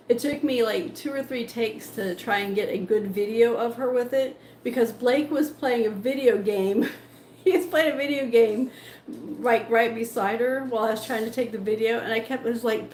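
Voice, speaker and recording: A woman's voice: fairly high pitch, steady tone, normal speed, a little mellow. A young woman hosting a home cooking livestream, chatting with lots of laughs and ums, with baby-talk praise for her dogs. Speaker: livestream host. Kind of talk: casual chat while cooking. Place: home kitchen. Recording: echoey kitchen with faint background noise.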